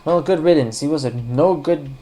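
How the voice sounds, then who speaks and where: With a deep, dark-toned voice at normal speed, a woman plays a puzzle game and comments casually, joking and rambling. She addresses her viewers as well as the characters in the game.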